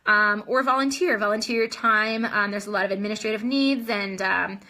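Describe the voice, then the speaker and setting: A woman's voice: medium pitch, moderate pace, pushed and bright. A young adult woman hosting a casual live video chat, answering viewer comments in a chatty way full of ums and restarts, a little short of breath.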